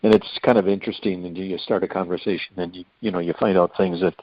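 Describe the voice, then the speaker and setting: Older male guest, folksy rambling storyteller; low-pitched, muffled and dry. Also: fast talker, dry recording. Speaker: hospice volunteer guest. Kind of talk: anecdotal storytelling in an interview. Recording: dull lo-fi dry recording.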